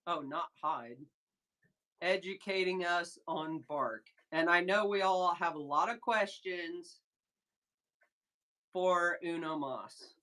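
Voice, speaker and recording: A woman hosting a casual live sales stream, chatting excitedly with viewers and reading their comments aloud. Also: fairly low pitch, takes it slowly, pauses often. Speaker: livestream seller host. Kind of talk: casual livestream chat with viewers.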